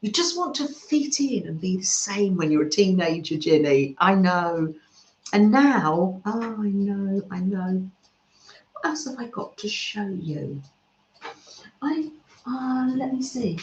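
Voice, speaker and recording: A woman gently chatting with her livestream viewers and reading their comments aloud, with soft murmurs and coos. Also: mid-range voice, lively intonation, takes it slowly. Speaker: craft livestream host. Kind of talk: casual chat reading live comments. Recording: slightly dull sound in an echoey room.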